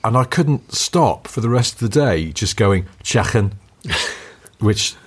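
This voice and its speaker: A middle-aged man from North West England chats on a podcast with a low, husky voice. His pitch swings in a lively way as he teases his co-host and laughs. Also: takes it slowly. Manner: chatty, teasing, laughs often. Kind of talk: casual chat.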